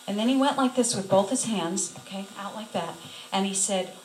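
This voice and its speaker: A woman's voice: medium pitch, moderate pace, slight background noise. Earnest woman recounting a testimony, roomy sound. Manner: emotional, earnest storytelling; acts out her own inner thoughts in quoted asides. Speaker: songwriter and singer. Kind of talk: personal testimony told to camera. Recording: roomy echo with faint ambience.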